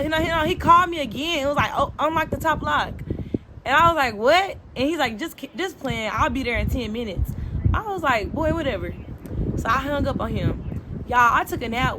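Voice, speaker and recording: Animated young woman telling a storytime. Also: sits high, background noise. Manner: animated and expressive, acting out quoted dialogue. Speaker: vlogger. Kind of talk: casual storytime.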